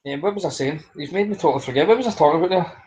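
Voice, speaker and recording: A man's voice: fairly high pitch, rapid-fire, darkish tone, poor audio. A man co-hosting a podcast, ranting bluntly in casual talk with heavy swearing. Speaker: podcast co-host.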